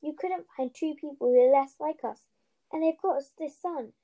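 A woman's voice: high voice, moderate pace, dark tone. A woman reading a storybook aloud, voicing a distraught, stern elderly female witch professor with urgent, emphatic delivery. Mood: indignant. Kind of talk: storybook reading with character voices.

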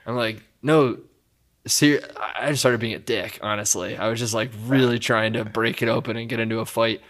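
Laughing, animated young man telling a story. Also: on the low side, fairly quick. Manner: animated, laughs a lot while telling stories. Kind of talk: casual chat, storytelling.

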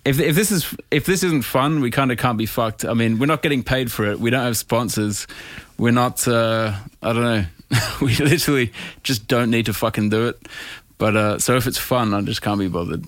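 A man's voice: medium pitch, normal speed, hardly any pauses, dry recording. A man co-hosting a podcast in casual, sweary, rambling chat. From Australia. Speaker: podcast co-host.

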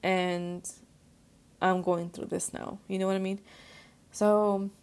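A young woman hosts her podcast and tells a personal story in loose, casual chat. Her voice has a gravelly fry to it, and her pitch stays fairly flat. She leans on "like" constantly and drops into Spanish phrases now and then. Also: slow. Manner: filler-heavy, says "like" constantly, mixes in Spanish. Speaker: podcast host.

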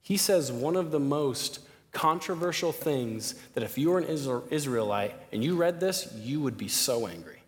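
A man's voice: medium pitch, moderate pace. Young man preaching in a big echoey hall. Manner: lively, asks the crowd questions. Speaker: campus ministry speaker. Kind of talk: sermon. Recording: long hall reverb.

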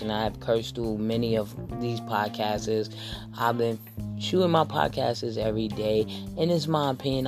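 A man's voice: medium pitch, gravelly. A man hosting a podcast, ranting in a blunt, crude and rambling comedic way. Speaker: podcast host. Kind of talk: profane comedic rant.

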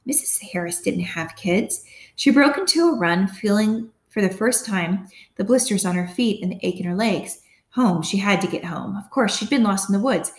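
A woman reading an audiobook as narrator, in a steady, close storytelling manner. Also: medium pitch. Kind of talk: scripted narration. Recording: roomy echo.

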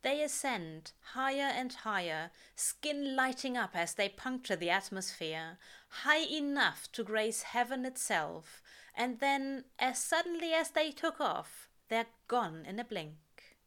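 A woman reading a story aloud in a measured, calm narration. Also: a little high. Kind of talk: reading fan fiction aloud.

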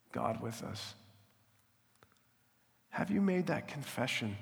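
A man preaching a heartfelt sermon, his voice gravelly with a rough edge. He moves from earnest storytelling to soft, hushed prayer. The sound carries a long reverb. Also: mid-range voice. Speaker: pastor.

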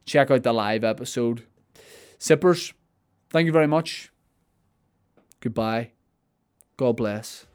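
Young male podcast host, mid-pitched, loose and rambling, full of restarts and asides. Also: slow pace, long pauses, darkish tone, clean tone. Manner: rambling, self-interrupting, with restarts and playful asides. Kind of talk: casual chat, answering listener questions.

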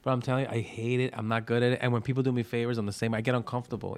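A man's voice: mid-range voice, fairly even intonation, rapid-fire, vocal fry, dry recording. A man, a podcast guest and restaurateur, talking in a laid-back, slangy way. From Brooklyn, New York. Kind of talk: casual chat.

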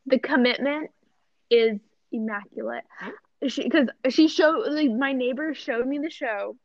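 Young woman rambling on a podcast, tons of likes, kinda high voice, muffled dry recording. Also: unhurried, dry recording. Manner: rambling, says like constantly, excitable. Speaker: podcast co-host. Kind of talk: casual chat. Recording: dull, dry lo-fi sound.

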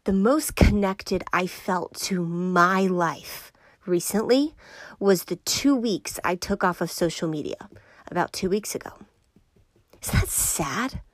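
A young woman from Georgia talks through a reflective personal monologue in an earnest voice. She often sinks into a soft whisper to stress a point. The sound is close and dry, with no room echo. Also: fairly low pitch, measured pace.

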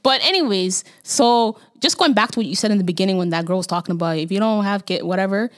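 A woman's voice: mid-range voice, fast. A young woman co-hosting a podcast in casual chat, earnest and given to repeating herself for emphasis. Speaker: podcast co-host.

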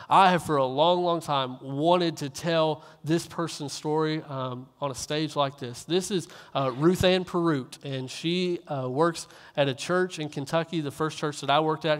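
A young male minister delivers a sermon from a stage, his voice sitting a little high for a man. He tells stories earnestly, doubling back and repeating phrases as he builds. The sound carries a long reverb from a large hall.

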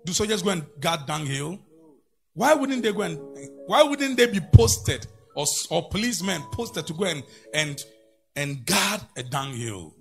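A man's voice: on the high side, very animated, normal speed, vocal fry, faint music behind. A man preaching a sermon, breaking into sung phrases and leading the congregation in call-and-response. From Ghana. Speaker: pastor.

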